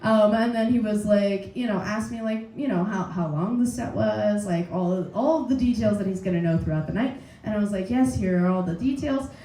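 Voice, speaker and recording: A woman hosting a comedy night, telling an animated story full of laughs and swearing before introducing the next comic. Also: mid-range voice, moderate pace, few pauses, reverberant, slight background noise, poor audio. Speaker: comedy show host. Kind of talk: stand-up host introduction. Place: pub comedy stage.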